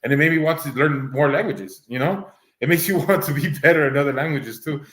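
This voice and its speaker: Male co-host, first language Spanish, slightly raised pitch, rambling animated delivery, roomy echo. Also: fairly quick. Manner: rambling, many restarts, acts out voices animatedly. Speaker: podcast co-host. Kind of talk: casual chat.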